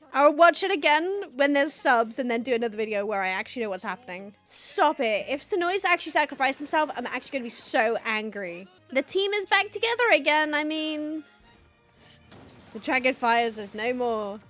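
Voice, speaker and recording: A woman's voice: a little high, expressive, brisk, fairly bright tone, soft background music. A woman hosting a reaction video, exclaiming, gasping and laughing as she watches. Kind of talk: excited reaction commentary.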